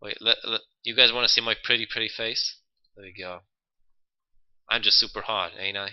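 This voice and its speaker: A man's voice: fairly low pitch, fairly even intonation, moderate pace, bright, forceful tone, clear, resonant tone. Young man, casual stream chat, dull lo-fi mic. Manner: loose, profane, chatty. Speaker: livestream host.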